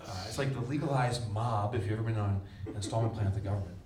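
A man giving a conference keynote, telling a personal story with strong emotion and a voice that jumps high on punchlines. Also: quick pace, darkish tone. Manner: emotional storytelling, pitch rising sharply on punchlines. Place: large conference hall. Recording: echoey hall, distant mic, faint rumble.

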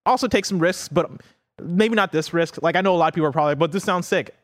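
A man co-hosting a gaming podcast, riffing on games in a loose, rambling way packed with fillers. His voice sits a bit high, and the studio mic sounds dry and close. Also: quick pace, dry recording. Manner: rambling, many fillers like "like" and "you know". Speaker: co-host. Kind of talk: casual chat.

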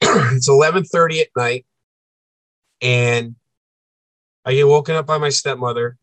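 A man's voice: medium pitch, measured pace, fairly bright tone, no room sound. A man as a podcast guest, telling a personal story with intensity, repeating phrases and acting out what people said. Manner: intense, repeats phrases, acts out quoted dialogue.

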